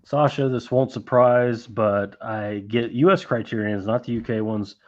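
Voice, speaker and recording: A man's voice: mid-range voice, unhurried, darkish tone. A man hosting a casual movie-collecting live stream, rambling, swearing freely and reading out chat messages. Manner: rambling, profane, reads chat aloud. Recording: dull lo-fi stream audio.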